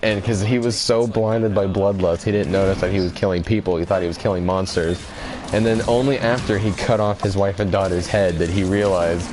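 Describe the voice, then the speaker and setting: A man's voice: deep voice, fairly even intonation, a little fast, a crowd in the background. A young man chatting casually about games and anime, laughing a lot and swearing offhandedly. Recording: background noise.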